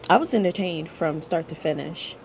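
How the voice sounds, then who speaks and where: A woman's voice: low-pitched, normal speed, creaky, crowd noise, poor audio. A woman giving her views in a casual group chat, hesitant and full of fillers. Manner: thoughtful, hesitant with many fillers. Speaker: podcast panelist.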